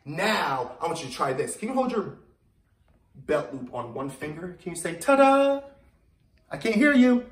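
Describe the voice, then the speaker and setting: A man's voice: a little high, very animated, moderate pace, pauses often. Young male kids' gym coach, bouncy sing-song delivery, roomy echo from a distance, music faintly behind. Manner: upbeat, coaxing kids to repeat phrases. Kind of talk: children's activity class. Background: music playing.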